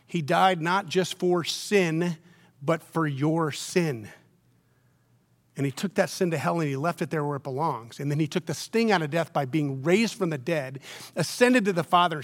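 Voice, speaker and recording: A middle-aged male pastor delivering a sermon in a slightly higher-than-average voice. He drops to hushed, close tones for the serious points and then climbs to loud, emphatic peaks, so his delivery keeps rising and falling. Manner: dynamic, swings from near-whispers to loud emphatic peaks.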